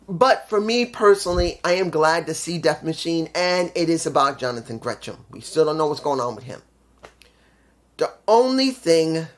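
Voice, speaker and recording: A man giving a casual spoken review of a wrestling show, ranting with frustration and heavy swearing. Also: fairly high pitch.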